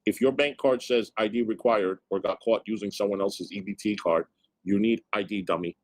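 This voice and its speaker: A man's voice: fairly low pitch, steady tone, brisk, dry recording. Blunt, wry streamer man, dry sound. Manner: blunt, wry reactions to chat. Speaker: streamer host. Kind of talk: casual livestream commentary.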